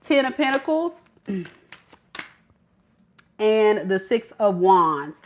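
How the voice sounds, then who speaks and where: A woman tarot reader giving a reading to the camera in an animated, playful, slangy way, laughing often. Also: mid-range voice, very slow, a little hiss or hum.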